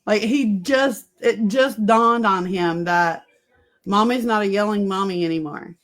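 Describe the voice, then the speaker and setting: A woman's voice: medium pitch, unhurried. Candid storytelling middle-aged woman. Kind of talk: casual chat.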